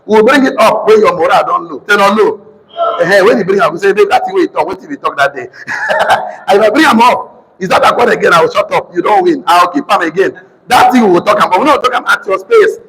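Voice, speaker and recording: A man with a Nigerian accent giving an animated teaching talk, repeating points and slipping into pidgin. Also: sits high, big-room sound, a little hiss or hum, poor audio. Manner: animated, repetitive, mixes in pidgin. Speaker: motivational speaker.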